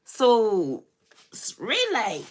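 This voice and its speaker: A woman's voice: medium pitch, sing-song, extremely slow, husky. Chatty woman telling a story. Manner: chatty, addresses viewers as y'all, profane. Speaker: beauty vlogger. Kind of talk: casual storytime while doing makeup.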